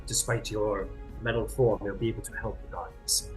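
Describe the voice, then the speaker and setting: A man voicing a calm, measured male githzerai monk who speaks in slow, formal, plain phrases. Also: on the low side, faint music behind, voice pushed down, natural voice.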